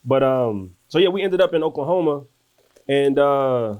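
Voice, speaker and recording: A man from Washington, D.C., a guest author and musician, telling long stories in a relaxed way. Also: medium pitch, normal speed. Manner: laid-back, talks in long rambling stories. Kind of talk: casual interview storytelling.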